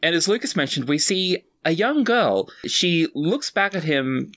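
A woman on a casual film podcast, talking in an excitable, expressive way. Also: fairly low pitch, a little slow.

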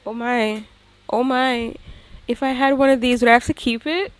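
A woman's voice: on the high side, moderate pace, no room sound. Chatty woman narrating her game. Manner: chatty, excitable, talks straight to viewers. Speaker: gaming YouTuber. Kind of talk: casual gameplay commentary.

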